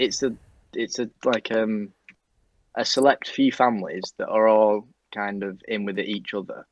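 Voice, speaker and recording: Low-voiced sweary young man, lo-fi mic. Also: no echo. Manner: rambling, sweary, many fillers. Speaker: police staff guest. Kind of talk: casual anecdote telling. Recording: dull lo-fi mic.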